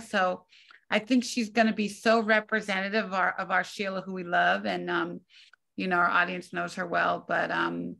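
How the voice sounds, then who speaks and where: A woman's voice: lowish voice, little pitch movement, moderate pace, creaky, sharp tone. A woman hosting a talk show, upbeat and chatty, introducing her guests.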